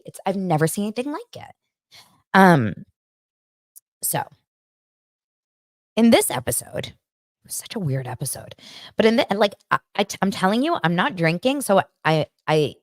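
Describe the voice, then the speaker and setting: A woman's voice: sits low, no echo, clean studio sound. A woman hosting a podcast, chatting casually and with animation, full of fillers and restarts. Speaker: podcast host. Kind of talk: casual gossip chat recapping reality TV.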